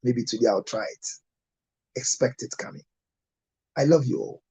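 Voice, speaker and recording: Ghanaian male TV pastor, mellow husky tone, preacherly sign-off with ads. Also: mid-range voice, poor audio. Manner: preacherly, repeats phone numbers slowly. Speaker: pastor and TV counselor. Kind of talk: closing blessings and product ads.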